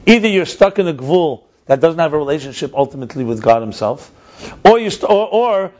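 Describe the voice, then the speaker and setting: A man's voice: fairly high pitch, expressive, fairly quick, darkish tone. A man explaining ideas in a conversational teaching style, emphatic and repeating his key points. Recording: dull lo-fi recording.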